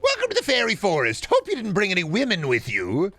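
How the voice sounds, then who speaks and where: Sneering tiny male gnome, podcast-bro attitude, high nasal squeak, done by a man, bouncy lively delivery, faint music behind. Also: brisk, exaggerated voice.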